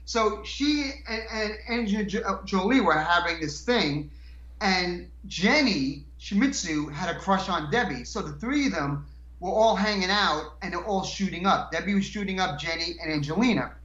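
A man's voice: high-pitched, lively intonation, moderate pace, fairly bright tone, echoey room, highs cut off. A man telling stories as a guest in a casual chat, rambling and laughing, with frequent restarts.

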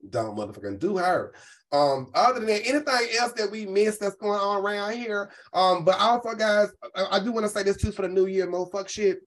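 A man's voice: sits high, brisk, few pauses. A man hosting a live stream, talking in a sassy, campy way full of "um"s. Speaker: host. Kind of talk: casual live-stream commentary.

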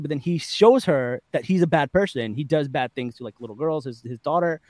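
Male podcast host, upper-middle pitch, dry close sound, lively storyteller. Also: fairly quick, no echo. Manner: animated storytelling, laughing often, acting out quotes. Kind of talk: casual chat, recapping a TV episode.

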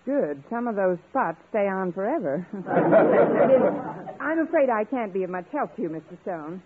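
A woman's voice: mid-range voice, animated, a loud crowd, lightly acted. An actress playing a sarcastic, flustered female English teacher in a 1950s radio sitcom. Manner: quick, sarcastic, flustered bluffing. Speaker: schoolteacher. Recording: tinny old radio broadcast, audience laughter.

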